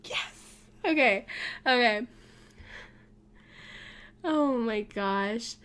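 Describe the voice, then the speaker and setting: A woman casually commenting on her life-sim game, gushing and excitable over her pets. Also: on the high side, very slow. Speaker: gaming YouTuber. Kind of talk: casual let's play commentary. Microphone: desk mic, facecam.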